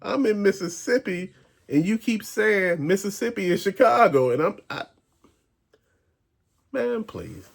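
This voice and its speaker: A man's voice: high-pitched, big pitch swings, a little slow, gravelly, pauses often. A man hosting a rambling conspiracy-theory rant, talking in an emphatic, slangy way. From American South. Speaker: channel host.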